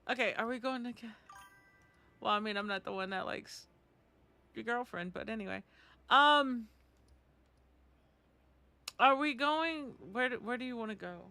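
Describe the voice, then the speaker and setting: A woman's voice: fairly high pitch, slow pace, long pauses, pushed and bright, no echo. A woman chatting casually while streaming a game, telling stories and acting out the voices in her anecdotes. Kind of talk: casual gaming stream chat.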